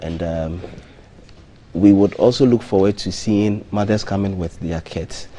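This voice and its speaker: A man, a hotel marketing manager, interviewed as a guest on a live breakfast TV show, speaking in a measured way with frequent ums and restarts. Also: deep voice, warm tone. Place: TV studio.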